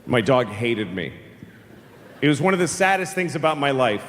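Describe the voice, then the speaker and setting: A man's voice: medium pitch, big pitch swings, moderate pace, a little hiss or hum. Middle-aged man ranting on a comedy stage. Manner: profane, exasperated ranting with sudden shouts. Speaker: stand-up comedian. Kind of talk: stand-up comedy routine. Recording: live hall reverb, faint ambience.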